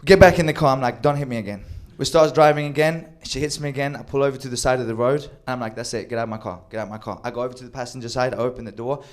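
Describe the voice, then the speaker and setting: A man telling a wild personal story with animated delivery, acting out quoted lines and swearing freely. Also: mid-range voice, racing, hardly any pauses. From Sweden. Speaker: storyteller on a comedy show. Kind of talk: live comedic storytelling.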